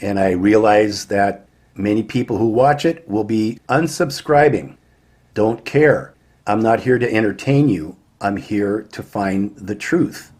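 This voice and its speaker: A man's voice: lowish voice, measured pace, a little mellow. A man preaching a warning sermon, emphatic and firing rhetorical questions at his listeners.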